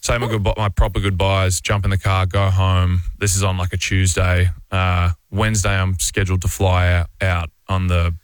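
An Australian man in his thirties tells a rambling story full of fillers and restarts. His voice sits deep and stays level in tone. The sound is dry and close. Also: little pitch movement, normal speed, few pauses, clean tone, no echo. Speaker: interview guest. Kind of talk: casual storytelling.

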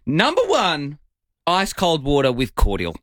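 A man's voice: a little high, huge pitch swings, unhurried, a bit bright, dry recording. A man co-hosting a breakfast radio show, playful and teasing, given to mock indignation. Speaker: radio co-host. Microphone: studio microphone.

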